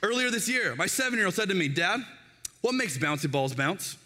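In his thirties, this pastor preaches with a high-pitched voice at a slightly fast pace, bringing his stories to life by acting out quoted voices. The recording has a long hall reverb.

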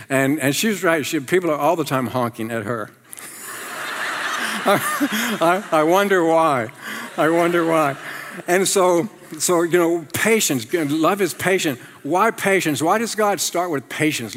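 A middle-aged man preaches from the front of a church, his voice a little high for a man. He tells funny stories at his own expense and has the congregation repeat phrases back. The sound rings with the long echo of a large hall. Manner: animated, self-deprecating storytelling with laughs. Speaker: pastor. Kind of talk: sermon. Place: church sanctuary.

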